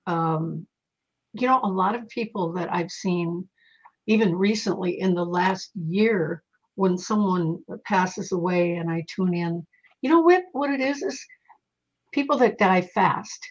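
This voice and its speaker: A middle-aged woman, a psychic medium, telling stories in an interview in a casual, animated way and acting out the voices she quotes. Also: on the low side, a little slow. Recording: slightly dull lo-fi recording.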